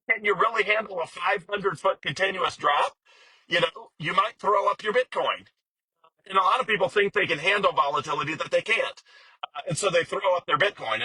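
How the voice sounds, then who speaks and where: A man with a very bright, husky voice and a slightly raised pitch talks through his ideas casually. He circles back, repeats himself and fills pauses as he explains. The sound is dry and close. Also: no echo, rough recording. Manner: conversational, repetitive, many fillers and restarts. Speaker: bitcoin commentator.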